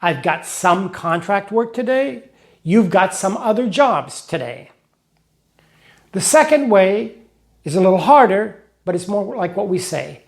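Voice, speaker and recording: Guy with a high voice explaining english grammar w examples and little rhymes. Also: lively intonation, a little slow, gravelly. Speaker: English teacher for Russian speakers. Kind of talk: scripted lesson narration.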